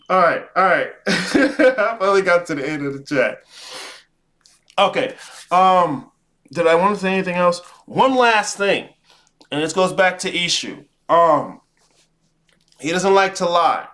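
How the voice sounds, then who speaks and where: A man with a high voice hosts a live stream and talks straight to his chat. He swears freely and sounds preachy. He drifts between quiet musing and loud, heated rants. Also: animated, measured pace, pauses often. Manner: profane, preachy, swings between muttering and ranting. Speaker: live show host. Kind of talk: casual live-stream monologue.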